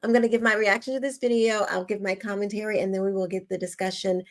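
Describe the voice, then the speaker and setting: A woman's voice: medium pitch, steady tone, fast talker. A woman hosting her own commentary show, talking in a chatty, sassy way with lots of fillers. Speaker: host. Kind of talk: casual opinion commentary.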